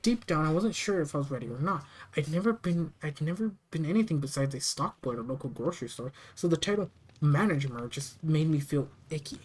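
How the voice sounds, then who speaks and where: Steady first-person horror storyteller. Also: medium pitch, fairly quick, breathy edge, low-quality recording. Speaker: story narrator.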